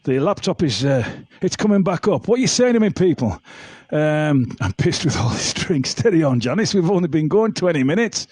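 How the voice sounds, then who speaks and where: A man's voice: a little high, sing-song, normal speed, hardly any pauses, a little mellow, breathy edge, dry recording. Chatty man hosting a home live stream. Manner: chatty, reads out viewer comments. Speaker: livestream singer and host. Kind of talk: casual live-stream chat and singing. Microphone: home setup with laptop and phone. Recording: faint backing music.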